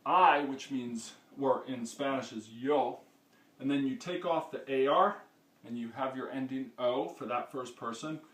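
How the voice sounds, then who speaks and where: A Spanish teacher gives a classroom-style lesson in a mid-range, slightly bright voice at a measured pace. He explains patiently step by step, often checking in with "okay?", and the mic sits far off in an echoey room.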